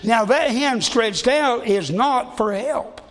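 This sermon comes from a notably high-voiced man who reads from scripture and talks slowly. His style is folksy, looping back and repeating words as he goes. His voice echoes with a long reverb, like in a big hall.

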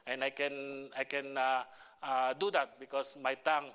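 A middle-aged man with a Filipino accent preaching a sermon in halting English, with many fillers and restarts. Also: medium pitch, little pitch movement, fairly bright tone, smooth. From Philippines. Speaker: visiting pastor. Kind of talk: church sermon and prayer request.

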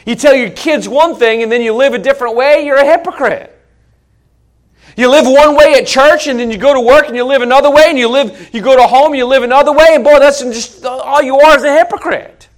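High-voiced folksy preacher man. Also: a little fast. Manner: folksy, emphatic, rhetorical questions. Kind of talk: sermon.

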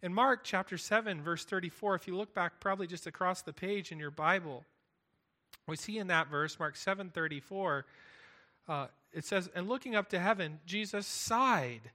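A man's voice: sits high, normal speed, sharp tone. A man preaching a sermon, earnest and emphatic, building points through repetition. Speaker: pastor.

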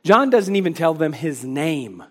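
Guy preaching a sermon, pretty high voice, emphatic and fired up. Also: very animated, unhurried, fairly bright tone, in a large hall. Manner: emphatic, acts out scripture dialogue. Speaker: pastor.

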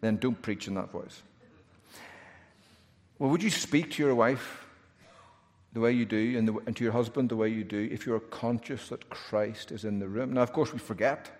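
A man's voice: fairly low pitch, measured pace, pauses often. Earnest male preacher in a reverberant hall. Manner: earnest, swelling to emphatic peaks, then hushed in prayer. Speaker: pastor. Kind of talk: sermon. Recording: long reverb of a large hall.

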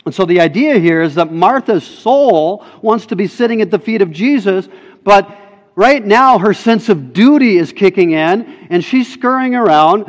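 This is a sermon from a male pastor with a fairly high voice, delivered emphatically and insistently as he repeats key lines to drive them home. A long reverb suggests a large hall, like a big church sanctuary, and the high frequencies are cut off.

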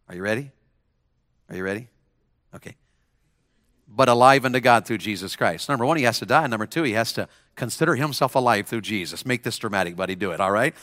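A man preaching with a bright, forceful voice, animated and punchy. He leads the room in call-and-response phrases and works with a student volunteer as he goes. The sound is dry and close. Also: fairly low pitch, brisk, no room sound. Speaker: preacher at a school chapel. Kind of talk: sermon to students.

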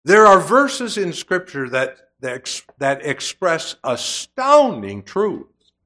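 A man preaching a sermon, slow and deliberate, with emphatic swells on key words. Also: fairly high pitch, big pitch swings, pushed and bright.

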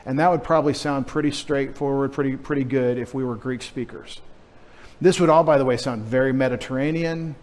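A man's voice: medium pitch, steady tone, brisk, a little mellow. A male pastor preaching a sermon in a conversational, emphatic way with wry humorous asides. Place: church sanctuary. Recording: long hall reverb.

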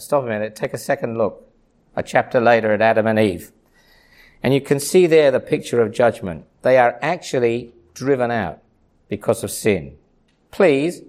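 A man preaching a sermon, swinging from hushed low asides to high ringing emphasis, with rhythmic repeated phrases. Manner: repetitive, rhythmic lists of phrases.

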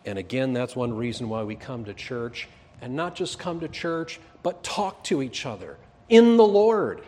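A man preaching a sermon in a church, emphatic and then dropping to quiet asides. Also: mid-range voice, animated, a little slow. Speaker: pastor.

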